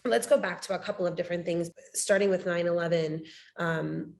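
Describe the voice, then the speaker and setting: A woman's voice: fairly low pitch, fairly even intonation, a little fast, creaky, a little mellow. A woman in her thirties hosting an interview podcast, talking in a conversational, reflective way. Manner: conversational, reflective, many fillers. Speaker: podcast host.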